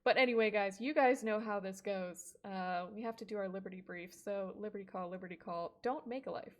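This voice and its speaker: Speaking in a mid-range voice with a steady tone and a brisk pace, a young woman streamer rambles through casual chat during gameplay. She swears without holding back and laughs frequently, all over background music.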